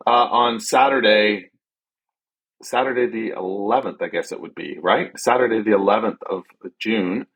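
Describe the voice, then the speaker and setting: A man's voice: mid-range voice, breathy edge, poor audio. A man hosting a podcast on his own, chatting casually in a rambling, loose way with lots of fillers and the odd swear word. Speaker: podcast host. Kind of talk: casual solo podcast chat.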